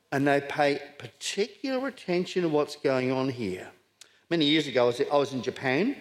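A man's voice: on the high side, animated, a little fast. A middle-aged man born in Scotland, preaching a sermon with rhetorical questions and repeated words for emphasis.

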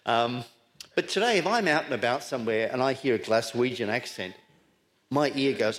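A man's voice: mid-range voice, lively intonation, moderate pace, a bit bright. A middle-aged man born in Scotland, preaching a sermon with rhetorical questions and repeated words for emphasis.

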